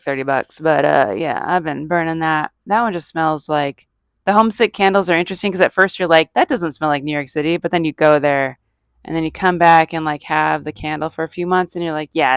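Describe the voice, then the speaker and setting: Middle-aged woman, low voice, gravelly edge, dry close sound, chatty self-mocking ramble. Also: fairly quick, no room sound. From Arizona. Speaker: comedian and podcast host. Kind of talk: casual rambling monologue.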